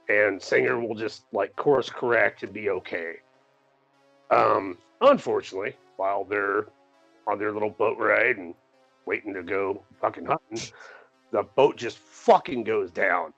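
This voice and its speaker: A man's voice: fairly low pitch, unhurried, creaky, a bit bright, no echo, highs cut off, faint music behind. A man co-hosting a podcast, casually reviewing a movie in a rambling, profane way, laughing often and acting out the characters. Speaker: podcast co-host.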